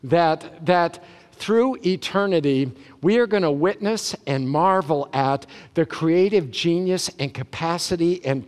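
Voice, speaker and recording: Animated high-voiced male preacher. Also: clean tone. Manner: animated, emphatic preaching with sudden loud bursts. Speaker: pastor. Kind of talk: sermon.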